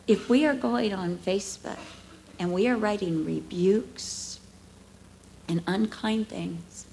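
A woman in her fifties giving a conversational sermon at church, telling emotional stories with lively swings from hushed to animated. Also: medium pitch, slow pace, creaky, slight background noise, low-quality recording. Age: 50s. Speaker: speaker at a church.

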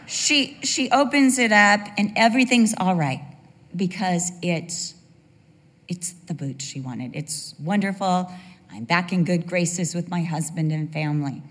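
An older woman preaching a sermon and telling a personal story in an animated way, acting out the voices of the people in it. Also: on the low side. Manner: animated storyteller who acts out quoted voices. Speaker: speaker at a church gathering. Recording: reverberant hall.

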